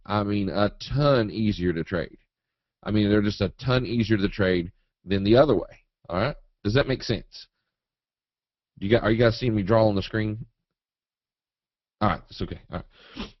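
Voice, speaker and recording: A man with a fairly low voice teaches a live trading webinar, folksy and animated as he acts out quotes and chart moves. The sound is dry and a little dull, like audio from a computer mic. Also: unhurried, long pauses, dry recording. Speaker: trading educator.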